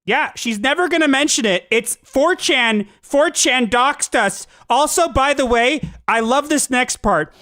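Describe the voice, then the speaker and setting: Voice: high-pitched, lively intonation, measured pace, few pauses, sharp tone, no room sound, clean studio sound. A host giving sarcastic reaction commentary, full of mocking asides.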